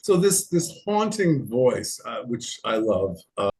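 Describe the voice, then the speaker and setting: A man from the United States hosting a casual interview, enthusiastic and rambling, quick to laugh. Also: medium pitch, sing-song, a little mellow. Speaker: podcast host.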